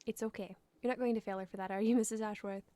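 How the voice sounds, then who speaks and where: A woman's voice: medium pitch, steady tone, quick pace, warm tone, close to an everyday voice. An actress playing a polite young mother who is a little wary of her visitors.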